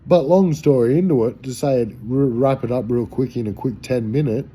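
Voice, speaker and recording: A man's voice: medium pitch, fairly quick, warm tone, slight background noise. An Australian man telling a rambling, slangy, profane anecdote in a casual way. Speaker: storyteller.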